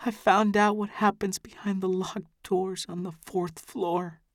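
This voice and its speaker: Guy putting on a high shaky teen girl voice, weepy and pleading, dry close sound. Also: takes it slowly, dry recording. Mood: shaken. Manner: tearful, choking, pleading. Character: distraught teenage girl, tearful and earnest.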